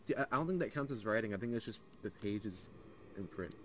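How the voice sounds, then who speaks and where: A man's voice: fairly low pitch, expressive, brisk, fairly bright tone, a little hiss or hum. A man in casual chat with friends while playing a game, often stumbling and restarting his words. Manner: hesitant, stumbling over words. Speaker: gamer.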